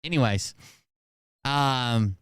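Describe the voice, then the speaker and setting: A man talking through clips on a live stream, sarcastic and rambling, with frequent uh and um. His voice is smooth and resonant, recorded close and dry with no room sound. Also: medium pitch, extremely slow, a bit bright, no room sound. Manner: reads quotes aloud, sarcastic asides, frequent fillers. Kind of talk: casual commentary.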